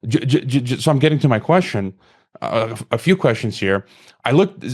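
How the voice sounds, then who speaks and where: A man hosting a podcast interview, telling a long personal story in an impassioned, rambling way, with many restarts before he asks his question. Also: on the low side. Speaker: podcast host.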